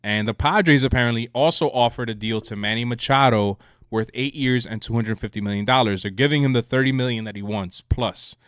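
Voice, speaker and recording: A man's voice: medium pitch, fairly quick, few pauses, fairly bright tone, clean tone, no room sound, studio quality. A man co-hosting a podcast in a casual sports chat, brash and teasing, often talking over his co-host.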